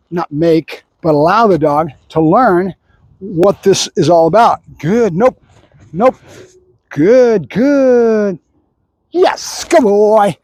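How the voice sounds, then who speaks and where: Guy training a dog and talking it through, pretty high voice, dry close sound, keeps tossing out quick praise words. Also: darkish tone, husky, no echo. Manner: chatty, repeats short marker words while explaining. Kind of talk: instructional training narration.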